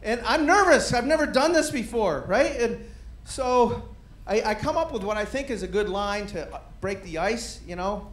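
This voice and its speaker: A man doing stand-up comedy, telling a self-mocking story in an animated way and acting out bits of dialogue. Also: sits high, normal speed, echoey room.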